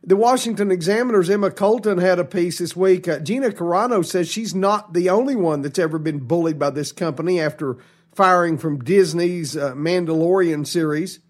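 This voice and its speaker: Talk show host guy, high voice for a man, indignant, keeps restarting. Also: normal speed, a little mellow. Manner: emphatic, indignant, with many restarts. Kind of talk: political talk commentary.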